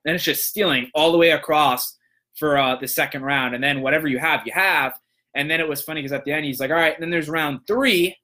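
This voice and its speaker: A young man hosting a show, casually telling a long story and acting out the people in it with lively voices. His voice is bright and a little high for a man. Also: brisk. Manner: animated, acts out voices in quotes. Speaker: podcast host, motivational speaker.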